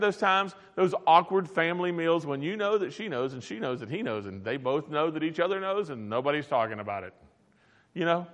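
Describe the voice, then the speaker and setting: A man's voice: high-pitched, fairly bright tone. A man preaching a humorous sermon, telling stories with playful asides and acting out the quotes. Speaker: pastor. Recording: reverberant hall recording.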